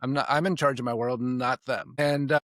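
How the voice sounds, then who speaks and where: A man appears as a podcast guest, talking casually and reflectively and rambling with restarts. His mid-range voice is fairly bright, with fairly even intonation and a slightly fast pace, recorded in studio quality with no echo.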